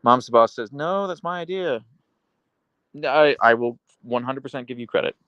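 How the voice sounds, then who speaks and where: A man hosts a live stream in a mid-range, clear, resonant voice at a moderate pace, and the recording is both dry and muffled. He reads chat casually and ramblingly, with plenty of fillers, and now and then turns to baby-talk his dogs.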